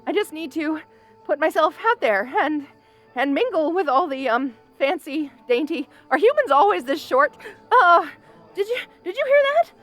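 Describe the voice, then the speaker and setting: A woman's voice: sits high, animated, normal speed, fairly bright tone, faint music behind. A woman playing a flustered, stammering tough orc girl. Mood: nervous bravado. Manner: stammering, nervous laughter, insists she is fine. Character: flustered tough young orc woman, brash but anxious. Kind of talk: audio role-play.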